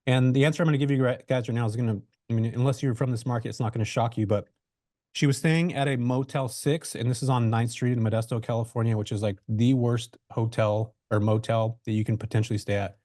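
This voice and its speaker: A man's voice: mid-range voice, fairly even intonation, fast talker, mellow, no echo, studio quality. A man guest on a webinar interview, telling his story in a loose, conversational way with lots of fillers and restarts, over a video call mic. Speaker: real estate investor guest.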